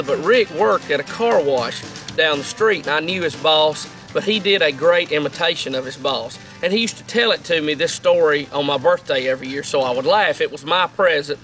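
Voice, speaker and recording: A man's voice: on the high side, a bit bright. A man in easygoing casual chat, prompting his co-host to tell a story. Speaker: radio host, guest on outdoors show.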